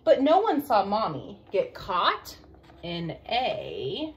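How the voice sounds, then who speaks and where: A woman, a children's librarian, reading a picture book aloud for story time in an expressive way. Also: medium pitch, slight background noise. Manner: expressive, slow, sing-song reading.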